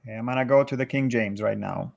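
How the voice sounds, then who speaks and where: Man, livestream host, calm measured scripture reading, mid pitch. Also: gravelly. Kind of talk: reading scripture aloud and casual chat.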